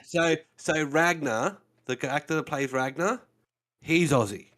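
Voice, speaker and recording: A man's voice: fairly high pitch, a little slow, fairly bright tone. A man co-hosting a casual podcast chat, explaining things at length and leaning on fillers like "you know". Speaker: co-host.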